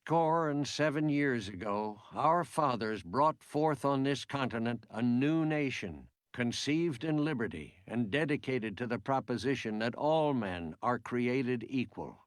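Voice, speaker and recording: A male reenactor playing a solemn president, reciting a historic memorial speech in a slow, measured, grave manner. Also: medium pitch, no room sound, studio quality, lightly acted. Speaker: Lincoln reenactor.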